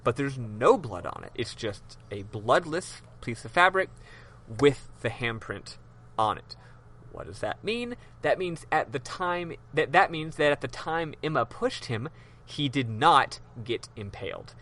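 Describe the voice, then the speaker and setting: A podcast host, a man with a bright, forceful voice and a middling pitch. He recaps a game's plot in casual chat, swearing freely and padding with ums. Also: animated, unhurried. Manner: loose, profane storytelling with many ums.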